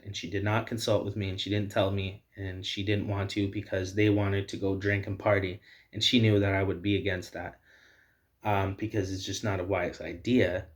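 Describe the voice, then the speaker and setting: A man hosting a video, delivering heated, repetitive personal commentary. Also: lowish voice. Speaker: video host.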